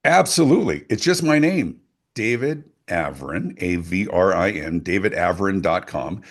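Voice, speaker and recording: Deep, lively man pitching himself. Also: a little slow. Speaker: guest speaker and author. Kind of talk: animated interview talk.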